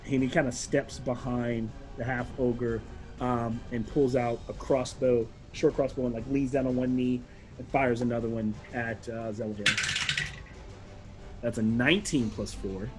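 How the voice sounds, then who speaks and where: A man's voice: medium pitch, little pitch movement, a little slow, music in the background. A man narrating a tabletop game as game master, rambling along with lots of fillers.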